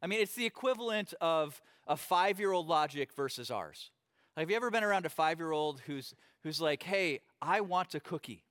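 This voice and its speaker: A middle-aged pastor delivers a sermon in a fairly high voice. He preaches conversationally and tells stories with lively acted-out quotes. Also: moderate pace.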